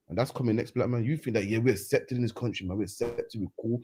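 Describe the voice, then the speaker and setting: A man's voice: mid-range voice, fast, dark tone, slight background noise. A man hosting a reaction commentary, heated and mocking, ending phrases with "man". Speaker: host. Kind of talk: street preaching reaction commentary.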